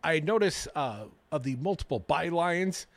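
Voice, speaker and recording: Male radio host, sarcastic political banter, a bit high and very animated, dry studio sound. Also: moderate pace, no room sound. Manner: wisecracking, reads news items aloud with sarcastic asides. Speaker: radio talk show host. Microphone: studio microphone.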